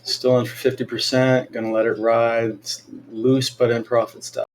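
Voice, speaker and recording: A man in casual conversation on a live trading stream, his voice sitting in a middle register. He talks in quick, upbeat banter about his entries and stops. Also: medium pitch, flat delivery.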